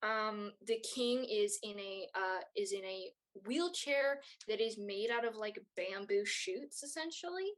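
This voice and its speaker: A woman runs a tabletop game and narrates the scene in a slow, rambling way, filling pauses with many fillers. Her voice sits in a middle pitch, and she takes her time. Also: poor audio. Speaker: game master.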